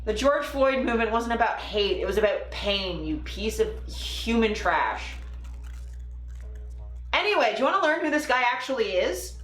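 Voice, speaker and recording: A woman's voice: a little high, lively intonation, a little fast, few pauses, a bit bright, echoey room. A woman hosting a live political commentary stream, reacting angrily with sarcasm and swearing. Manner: angry, profane, sarcastic. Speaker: political livestream host.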